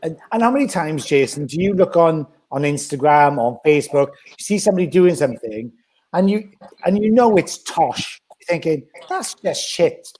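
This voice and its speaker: Male podcast co-host, blunt and animated, higher voice, dark tone. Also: normal speed. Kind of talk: casual podcast chat.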